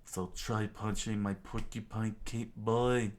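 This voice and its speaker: A man voicing an arrogant, taunting pirate captain in a gruff, low voice. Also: little pitch movement, takes it slowly.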